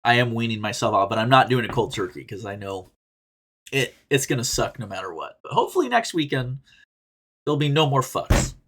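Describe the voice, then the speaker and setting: A man's voice: mid-range voice, brisk. Rambling, swearing man hosting a podcast. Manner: candid and rambling, swears freely, laughs often; animated, jumps between loud bursts and quiet asides. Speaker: podcast host reading and answering reader stories. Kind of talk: casual commentary podcast.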